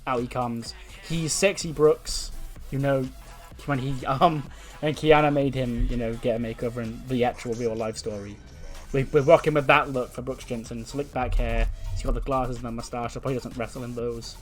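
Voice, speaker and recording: A man's voice: medium pitch, fairly even intonation, a little fast, soft background music. A man giving wry, chatty commentary while playing a wrestling management game. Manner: chatty, wry, laughs often. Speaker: let's-play commentator.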